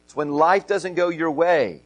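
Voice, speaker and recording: A man's voice: on the high side, a little slow, rough recording. A middle-aged man preaching a sermon as pastor, earnest, often repeating and stressing key phrases.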